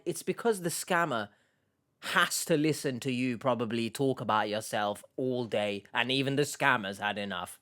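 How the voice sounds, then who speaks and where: A man's voice: mid-range voice, moderate pace, sharp tone. A man giving sarcastic, exasperated reaction commentary on a video clip.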